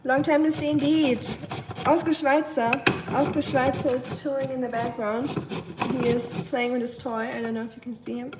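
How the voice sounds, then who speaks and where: A woman's voice: sits high, flat delivery, normal speed. Chatty woman streaming from her kitchen. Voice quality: nasal, stuffy-sounding. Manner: chatty, greets viewers and answers chat. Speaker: live-stream host. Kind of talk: casual live-stream chat while cooking. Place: home kitchen. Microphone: phone propped up. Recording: echoey kitchen with clear cooking noise.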